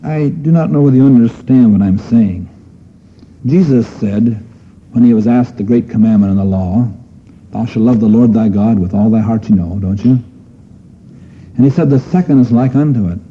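A man's voice: mid-range voice, moderate pace, husky. A man preaching a sermon in an earnest manner, asking his listeners questions and pressing on key phrases. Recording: dull lo-fi sermon recording.

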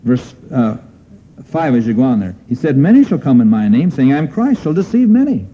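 A man's voice: mid-range voice, sing-song, fairly quick, dark tone, breathy edge. A man preaching a sermon in an earnest manner, asking his listeners questions and pressing on key phrases. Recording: dull lo-fi sermon recording.

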